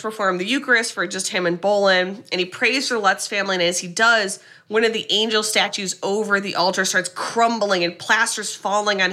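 Bright-voiced woman retelling a film. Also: mid-range voice. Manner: lively retelling, acts out quoted lines, swears casually. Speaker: podcast co-host recapping a film. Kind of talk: casual chat.

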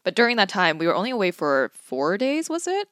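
A woman's voice: medium pitch, big pitch swings, a little fast, fairly bright tone. A young mother co-hosting a podcast, chatting expressively and laughing often. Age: young adult. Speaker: podcast co-host. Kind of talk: casual chat.

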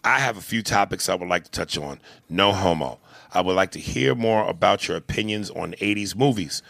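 A man's voice: low voice, fairly quick, vocal fry, a bit bright, no room sound. A man co-hosting a casual comedy podcast, reading listener emails, swearing freely and slipping into silly voices. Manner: swears freely, slips into silly put-on voices and sung bits.

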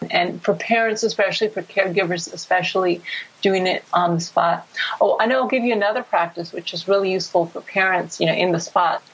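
Husky-voiced woman psychologist explaining. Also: lowish voice, low-quality recording. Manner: explanatory, warm and animated. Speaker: psychologist guest. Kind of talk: podcast interview.

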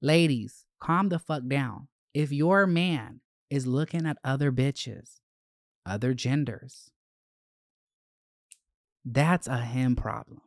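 A podcast host in their twenties, chatting casually with a sassy, slangy, animated storytelling manner. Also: mid-range voice, slow pace, pauses often, no room sound, clean studio sound. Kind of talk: casual chat.

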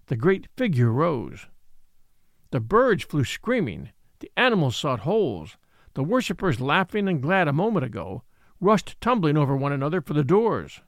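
A man narrating a classic ghost story aloud in a dramatic, expressive reading. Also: a little high, moderate pace, no echo, clean studio sound. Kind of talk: scripted audiobook narration.

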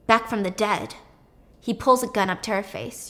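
A woman casually retelling a film's plot in an animated, chatty way, swearing freely. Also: fairly high pitch, fairly quick. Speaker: storyteller. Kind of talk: casual movie plot recap.

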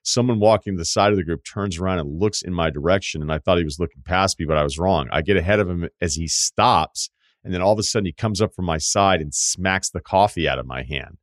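A man with a fairly low voice hosts a casual podcast advice segment, reading listener letters aloud. He talks in a candid, joking way, drifting into rambling asides. The sound is dry and close, with no room echo. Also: fast talker. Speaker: podcast host.

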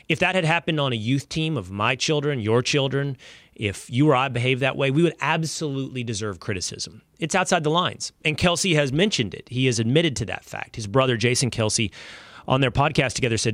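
A male host delivers sports opinion commentary in an emphatic, conversational way. His pitch swings widely as he argues his point. The sound is dry and close, with no room around it. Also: lively intonation, brisk, fairly bright tone, no echo. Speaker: show host.

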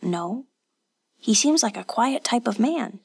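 A woman voicing a nervous, polite male village innkeeper who talks in hushed, anxious tones in an audiobook. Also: a little high, lively intonation, slow pace, gravelly, husky, voice pushed up, full character voice. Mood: nervous whisper. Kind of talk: audiobook narration.

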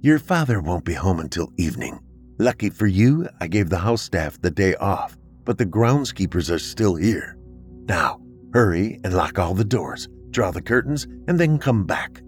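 A man voicing a cold, scheming mother who speaks in a soft, hissing whisper. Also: sits low, sing-song, moderate pace, faint music behind. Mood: coldly soothing.

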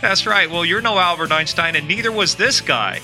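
A man's voice: sits high, moderate pace, bright, forceful tone, soft background music. A man co-hosting a podcast, wisecracking in loose, joking banter before reading a news item and introducing the episode. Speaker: podcast co-host.

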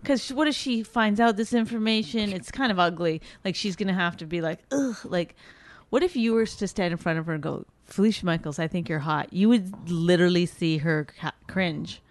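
A woman's voice: fairly low pitch, a little fast. A woman co-hosting a comedy podcast, teasing and sarcastic in casual banter. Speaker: podcast co-host.

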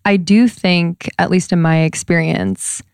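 A woman's voice: lowish voice, fairly even intonation, unhurried, a little mellow, clean tone, no room sound. Thoughtful woman host, dry close sound. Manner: thoughtful, hesitant, restarts her questions. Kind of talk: casual podcast chat.

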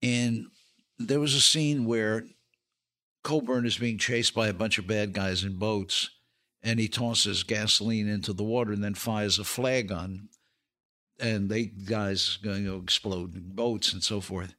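A man's voice: on the low side, fairly even intonation, a little slow, bright, forceful tone. An older man, an actor and comedian, telling show-business stories as a podcast guest, laughing through his punchlines. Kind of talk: casual anecdote telling.

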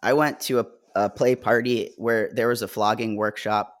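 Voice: medium pitch, steady tone, moderate pace. An American podcast co-host and musician telling rambling, wry stories in casual chat.

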